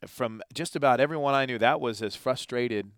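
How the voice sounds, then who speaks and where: A man's voice: mid-range voice, fairly quick, no echo, studio quality. A man co-hosting a sports talk show, chatting casually about a football game, often stammering and restarting his thoughts.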